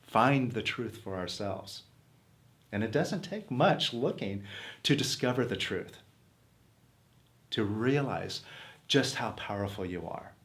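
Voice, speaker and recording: A man's voice: fairly low pitch, a bit bright. A man teaching self-help in an earnest, coaxing motivational talk, posing questions to his listeners.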